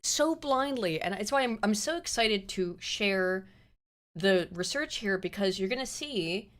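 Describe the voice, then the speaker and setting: Lively-voiced woman host, blunt. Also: mid-range voice, a little slow. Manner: blunt, swears freely, laughs often. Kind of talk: casual political chat.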